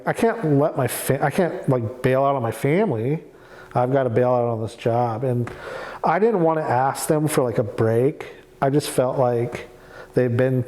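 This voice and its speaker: A man from Oregon talks through his story in an oral history interview with a warm, mellow tone. His delivery is casual and rambling, full of fillers and restarts. He keeps acting out quoted conversations as he goes. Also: mid-range voice, rough recording. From Oregon, USA. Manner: candid, rambling, quotes people in dialogue.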